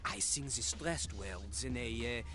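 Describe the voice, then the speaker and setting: A man's voice: mid-range voice, unhurried, fairly bright tone, soft background music, natural voice. An actor voicing a cocky male talking toilet who lectures and breaks into rap. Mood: lecturing.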